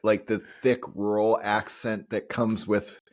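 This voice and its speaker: A man's voice: lowish voice, level tone, measured pace, no echo, clean studio sound. A man with a Minnesota accent, a veteran guest on a podcast, chatting casually and laughing often between rambling restarts. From upper Midwest of the United States. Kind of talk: casual conversation.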